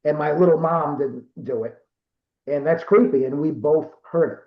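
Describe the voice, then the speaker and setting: A guest in his fifties from Rhode Island, USA tells a casual, rambling story at normal speed, correcting himself and using lots of fillers and restarts. His voice is a bit high for a man, and the video call gives it a roomy echo and a dull, lo-fi quality.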